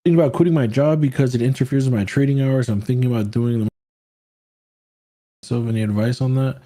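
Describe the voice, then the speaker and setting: A man's voice: medium pitch, steady tone, fairly quick, mellow, no echo. A man hosting a trading livestream, chatting casually and answering viewer questions in a laid-back, slangy, profane way.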